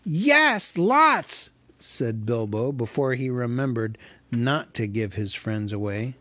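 A man reading a story aloud as narrator, with measured, wry storytelling. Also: medium pitch, steady tone, a little mellow, dry recording. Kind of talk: audiobook reading.

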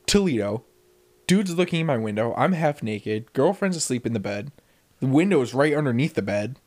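A man co-hosting a podcast, telling a story in casual chat, swearing often and acting out the quotes loudly. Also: mid-range voice, normal speed. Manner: animated storyteller, profane, acts out quotes loudly. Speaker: podcast co-host.

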